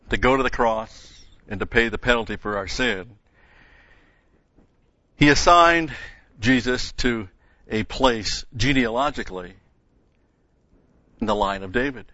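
A man's voice: mid-range voice, pushed and bright, dry recording, lo-fi sound. A man preaching a sermon who reads scripture aloud with rising emphasis, then explains it in plain asides.

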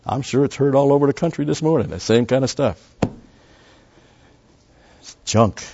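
Emphatic male preacher, mellow lo-fi sound. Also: mid-range voice, animated, moderate pace, creaky. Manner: emphatic, surges louder on key words; teaching, with fillers and restarts. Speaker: pastor. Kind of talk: sermon. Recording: dull, lo-fi recording.

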